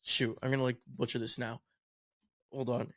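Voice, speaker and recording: A man's voice: medium pitch, little pitch movement, normal speed, a bit bright, dry recording, clean studio sound. A man co-hosting a podcast, chatting casually about esports and rambling through stories. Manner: rambling storytelling. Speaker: podcast co-host and content creator.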